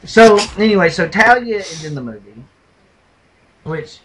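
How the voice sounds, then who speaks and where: A man co-hosting a casual podcast, retelling and mocking movie scenes with animated delivery and loud impressions. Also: sits high, unhurried, low-quality recording. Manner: animated storyteller, mimics lines in a loud gravelly shout. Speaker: podcast co-host. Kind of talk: casual movie review chat.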